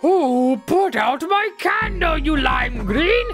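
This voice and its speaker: A woman voicing a villainous video game ghost who shouts theatrical taunts over game music. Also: high-pitched, big pitch swings, slow pace, voice pushed up, heavily acted. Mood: gloating. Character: gloating villainous ghost, loves the dark.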